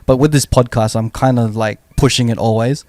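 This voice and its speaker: A man co-hosting a relaxed podcast, telling stories at length and often restarting his sentences. His voice sits at an ordinary middle pitch and sounds dry and close, with little room around it. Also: a little fast, no room sound. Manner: rambling, frequent restarts, storytelling. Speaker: podcast co-host. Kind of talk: casual podcast chat.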